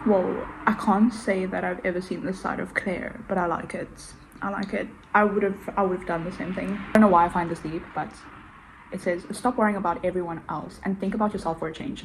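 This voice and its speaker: A woman talking casually in a reading vlog at home, emotional, swinging between hushed whispers and excited outbursts. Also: on the low side, slight background noise, rough recording. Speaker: book vlogger.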